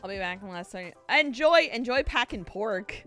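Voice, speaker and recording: A woman's voice: a little high, animated, normal speed, few pauses, a bit bright, faint music behind. A woman streamer chatting casually with her viewers, rambling and laughing often at herself. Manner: giggly, rambling, self-mocking. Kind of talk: casual live-stream chat.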